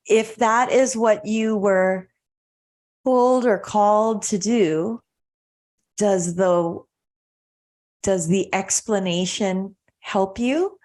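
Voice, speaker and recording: A woman's voice: medium pitch, very slow, long pauses, darkish tone. A female podcast co-host in casual chat, speaking earnestly and posing reflective questions.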